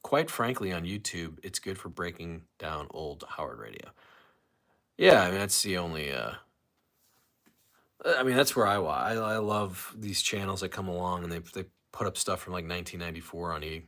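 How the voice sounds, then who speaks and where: A man hosts a casual solo livestream, rambling, reading viewer comments aloud, and frequently restarting his sentences. His voice is low, expressive, and slightly bright, at a moderate pace.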